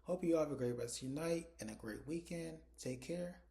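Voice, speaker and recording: A man's voice: on the high side, a little fast, warm tone. A man giving a casual recap of a TV episode, retelling it chattily through quoted dialogue. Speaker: TV episode reviewer.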